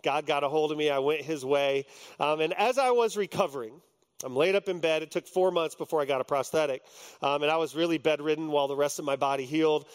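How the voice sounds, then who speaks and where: Higher-voiced man preaching a story. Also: fast talker, smooth. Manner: storytelling, conversational with many ums. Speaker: pastor. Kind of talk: sermon. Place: on a stage before a congregation.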